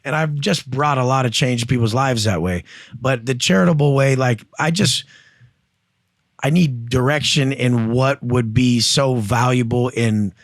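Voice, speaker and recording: A man's voice: medium pitch, unhurried, no echo, clean studio sound. A man coaching and telling stories on a podcast, blunt and profane, acting out other people's voices as he goes. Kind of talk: casual podcast conversation.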